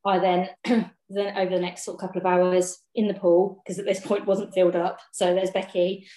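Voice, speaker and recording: A woman's voice: fairly low pitch, moderate pace. A woman telling her birth story in casual chat, laughing often and acting out what people said. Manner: lively, laughs often, acts out dialogue. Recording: roomy echo.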